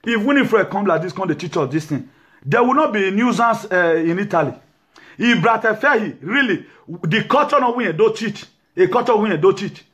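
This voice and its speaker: A man's voice: high-pitched, lively intonation, fairly quick, a bit bright, muffled recording. A man, lecturing and ranting to camera as an activist host, mixing English with Yoruba and pidgin. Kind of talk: impassioned talk to camera.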